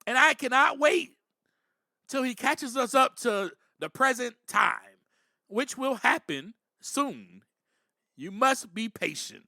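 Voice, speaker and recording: A man's voice: very high-pitched, expressive, takes it slowly, vocal fry, pushed and bright, dry recording, studio quality. A man hosting a podcast, giving earnest, reflective spiritual recovery talk, with frequent "you know" and bursts of emphasis. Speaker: podcast host.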